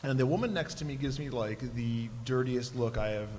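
A man of middle pitch tells a halting story with many fillers, giggling as he goes, on a convention panel. His voice rings with a long hall reverb. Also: darkish tone. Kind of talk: casual anecdote on a convention panel. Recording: hall reverb, faint noise.

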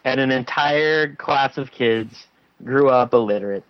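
A man's voice: mid-range voice, measured pace, no echo, dull audio. A man talking casually as a podcast guest, with a wry, teasing manner. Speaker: podcast guest, comic writer. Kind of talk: casual chat.

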